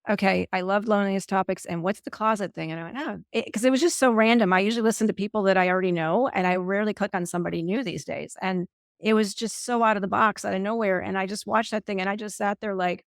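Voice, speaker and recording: A woman host talks quickly and gushes over her guest. Her voice has a gravelly fry in it, and she acts out little quotes as she goes. The video-call sound is dry, with no room around it. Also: medium pitch, fairly even intonation, dry recording. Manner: gushing and effusive, acts out quotes. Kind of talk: casual interview chat.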